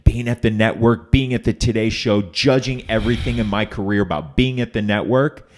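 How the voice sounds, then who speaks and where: A man with a fairly low voice hosts a podcast conversation. He speaks earnestly and with measured weight. He leans on his key words as he reflects. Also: a little hiss or hum. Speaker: podcast host.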